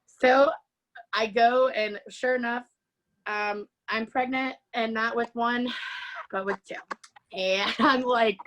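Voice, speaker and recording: Animated woman telling her story. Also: fairly high pitch, slow, long pauses, low-quality recording. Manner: animated storyteller, acts out quotes, laughs often. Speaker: interview guest. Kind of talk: personal testimony.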